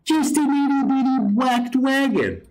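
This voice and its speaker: A man's voice: extremely high pitch, lively intonation, unhurried, darkish tone, pitched above the performer's own voice. A man putting on a grown-up cooing voice, as if talking to a small child, in a mocking sing-song way.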